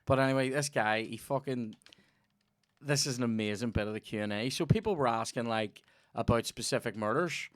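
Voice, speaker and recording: Young Northern Irish podcast host, mid-pitched, animated sweary anecdotes, dry close mic. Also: male voice, fairly quick, no echo. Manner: swears a lot, tells animated stories. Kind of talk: casual chat.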